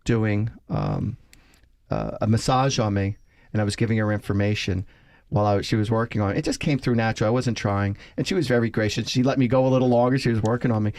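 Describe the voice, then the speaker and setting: A man's voice: lowish voice, a little mellow, no room sound. A man with a New Jersey accent, a psychic guest on a radio talk show, talking in an effusive, rambling, spiritual way. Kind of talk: casual radio chat.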